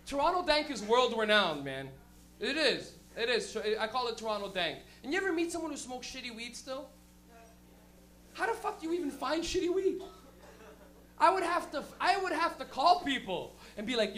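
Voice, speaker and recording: A stand-up comedian doing a live set, rowdy and profane, breaking into loud shouted impressions. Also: sits high.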